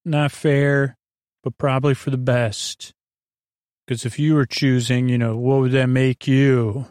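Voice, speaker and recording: A man voicing Copper, a cheerful man eager to retire, talking quickly and excitedly. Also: mid-range voice, dry recording, studio quality, natural voice. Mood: chirpy.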